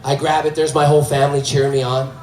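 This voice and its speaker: A man in his thirties performing a stand-up routine on a comedy club stage, telling stories in an animated way. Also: on the high side, fast. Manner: animated storytelling. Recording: echoey club from far off, faint crowd.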